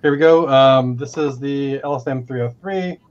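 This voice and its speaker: A man gives a relaxed, playful walkthrough of a gadget demo. His audio comes through dull and lo-fi. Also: medium pitch, normal speed. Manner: easygoing, playful wording. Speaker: maker demoing sensors. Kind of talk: casual demo chat.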